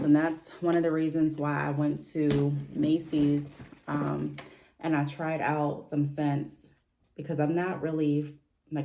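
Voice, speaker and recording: A woman's voice: sits low, dark tone, a little hiss or hum. A woman chatting casually in a home vlog, rambling a little with fillers and restarts as she talks through her picks. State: briefly out of breath after stairs. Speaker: vlogger.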